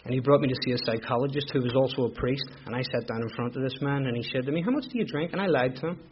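A man's voice: medium pitch, fairly even intonation, racing, a little hiss or hum. A middle-aged man with a Belfast accent, candidly telling his own recovery story as personal testimony, with emotional repetitions. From Northern Ireland. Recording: dull lo-fi recording.

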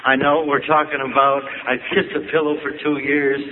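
An older man from Ohio telling reflective, wry stories about his youth, with gentle pauses and humor. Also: on the high side, level tone. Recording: tinny phone-like audio with noise.

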